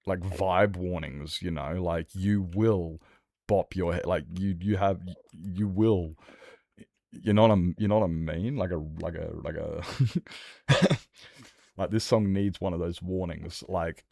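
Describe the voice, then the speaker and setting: A man's voice: sits low, a little slow, creaky, darkish tone, no echo, clean studio sound. A young man streaming, talking candidly in a rambling, sweary, casual way. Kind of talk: casual livestream chat.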